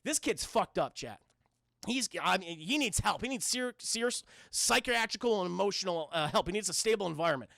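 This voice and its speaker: A man's voice: high voice, expressive, a little fast, vocal fry, bright, forceful tone, no room sound, clean studio sound. A man recapping a film on a live stream, swearing and rambling, and often addressing the chat.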